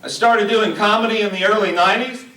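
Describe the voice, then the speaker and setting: A man's voice: sits high, steady tone, fast, pushed and bright. A middle-aged man from Arkansas performing a folksy, self-deprecating stand-up comedy set, teasing the crowd at a senior community show. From Hot Springs, Arkansas. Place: small auditorium at a senior living community. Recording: echoey room, mic heard from a distance.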